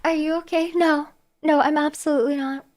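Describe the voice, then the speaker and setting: A woman streamer talks casually to her chat in a high, bright-pitched voice. She is animated and quick to exclaim, with a playful mock-exasperation running through her talk. She is close on a streaming desk mic. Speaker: live streamer.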